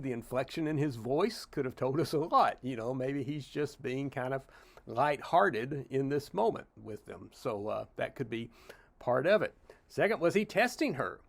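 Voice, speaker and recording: A man's voice: mid-range voice, vocal fry. A middle-aged man from Tennessee, teaching a Bible study as a pastor in a conversational way, with frequent "uh" and "you know" asides.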